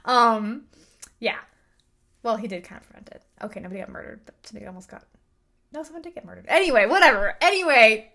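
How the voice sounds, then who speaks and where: A woman giving a casual, animated review rant, exasperated and full of fillers. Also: high-pitched, brisk. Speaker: book and film reviewer.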